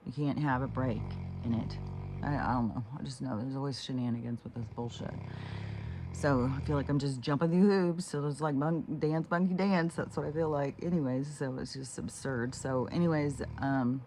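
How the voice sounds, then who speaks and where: A woman's voice: a bass voice, normal speed, warm tone, a little hiss or hum. Rambling, foul-mouthed woman venting. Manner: meandering, frank and profane, with many restarts. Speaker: vlogger. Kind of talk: rambling casual monologue.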